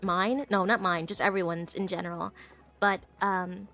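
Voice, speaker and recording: A woman's voice: fairly low pitch, fairly even intonation, moderate pace, bright, forceful tone, faint music behind. A young woman chatting casually on a live stream, giggling often and tripping over her words as she rambles to her viewers. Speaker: VTuber streamer.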